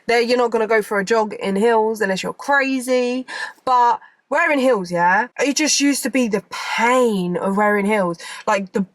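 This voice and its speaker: A woman's voice: fairly high pitch, normal speed, no echo. A young woman, chatting casually to camera as a vlogger, rambling and repeating herself.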